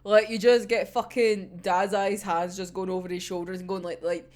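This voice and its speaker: A woman, hosting a casual episode discussion, animated, laughing often and swearing freely. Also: medium pitch, moderate pace, hardly any pauses. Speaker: anime reaction host.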